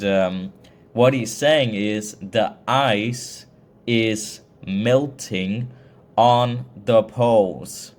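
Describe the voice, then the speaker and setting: Slow-talking Danish man, British-Australian accent. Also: on the low side. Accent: mixed British-Australian English. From Denmark. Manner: slow, rambling, frequent restarts and hesitations. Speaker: vlogger. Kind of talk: casual monologue to camera.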